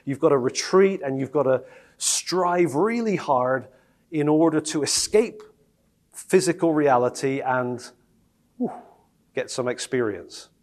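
Male preacher, casual and animated, mid-pitched, heavy on rhetorical questions. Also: a little slow. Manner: lively, conversational, asks the audience rhetorical questions. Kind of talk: sermon.

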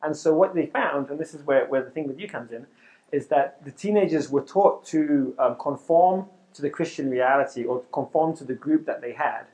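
Animated middle-aged male youth minister. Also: a little high, normal speed. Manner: animated and conversational, with restarts. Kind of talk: talk to youth workers. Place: talk in front of a live audience.

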